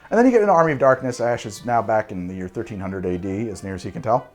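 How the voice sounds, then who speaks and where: A man in his forties hosting a cocktail show, talking casually to camera in an animated, digressive and jokey way. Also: lowish voice, fast, soft background music.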